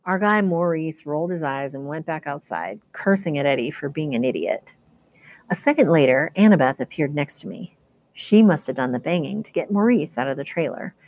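A woman teacher reading a novel chapter aloud in a steady, expressive storytelling manner. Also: sits low, moderate pace.

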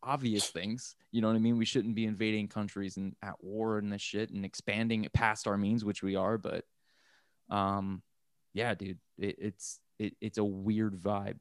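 A man's voice: fairly low pitch, normal speed, smooth, dry recording. Profane American man, dry close sound. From United States. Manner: profane, rambling, animated. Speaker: podcast co-host. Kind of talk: casual chat.

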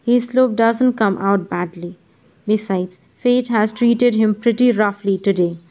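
A woman reading the lines of a calm, considerate English college principal in an audiobook, muffled audio. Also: mid-range voice, unhurried, close to an everyday voice.

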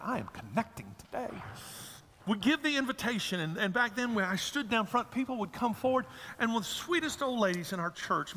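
A man's voice: sits high, bright, forceful tone, long reverb tail. A man preaching a sermon as a pastor, folksy and humorous, telling stories to his congregation.

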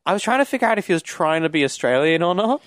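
A man co-hosting a casual film chat, talking eagerly in quick bursts and laughing between thoughts. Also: sits high, sing-song, fairly bright tone, no echo, studio quality. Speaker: podcast co-host.

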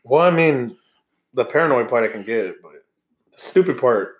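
A young man hosting a podcast in relaxed, joking casual chat, swearing freely. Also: mid-range voice, moderate pace, lo-fi sound. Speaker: podcast co-host.

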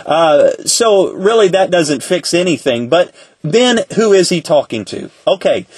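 A man teaching a Bible study lesson in a conversational way, asking rhetorical questions and slowing down to quote scripture. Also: fairly high pitch, slightly rough, no echo.

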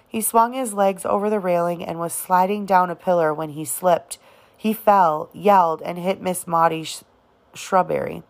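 A woman narrating an audiobook of a novel, reading in a halting way with occasional restarts on words. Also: on the low side, fairly even intonation. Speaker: audiobook reader.

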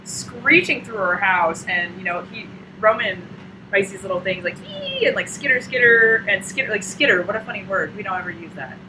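A woman's voice: mid-range voice, brisk, background noise. A woman in casual chat, retelling a comic with lots of fillers and acting out the characters' lines. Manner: animated storyteller acting out scenes. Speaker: co-host discussing a comic.

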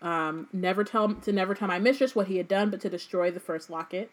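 A woman's voice: medium pitch, fairly quick. A woman co-hosting a podcast, casually summarizing a book chapter in a loose, chatty way. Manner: chatty, loose, frequent "um" and asides. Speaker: podcast co-host.

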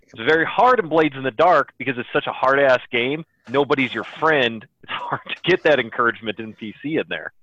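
A man's voice: mid-range voice, animated, fairly quick, sharp tone, highs cut off, slight background noise. A man who runs tabletop games, talking thoughtfully on a podcast and correcting himself now and then. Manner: thoughtful, some self-correcting stammers. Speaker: game master. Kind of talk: casual podcast discussion.

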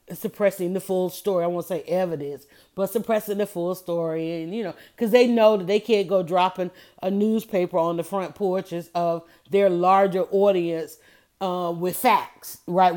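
A woman talking straight to her listeners in a casual opinion monologue, animated and emphatic. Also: lowish voice. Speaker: commentator.

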